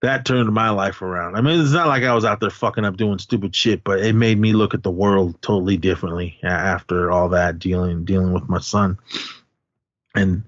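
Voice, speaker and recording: A man's voice: low-pitched, steady tone, brisk, dry recording, dull audio. A man hosting a podcast, casually recapping a film in a rambling way, with lots of restarts and fillers. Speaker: podcast host.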